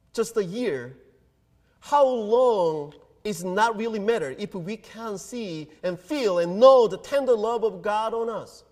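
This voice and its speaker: A man preaching a sermon as pastor, earnest and deliberate, pausing between phrases. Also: sits high. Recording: long hall reverb.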